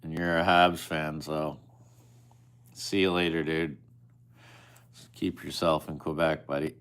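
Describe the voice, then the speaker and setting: A man's voice: extremely low pitch, little pitch movement, a little slow, fairly bright tone, clear, resonant tone. A man chatting casually with viewers on a live stream, teasing and swearing at them in an offhand way.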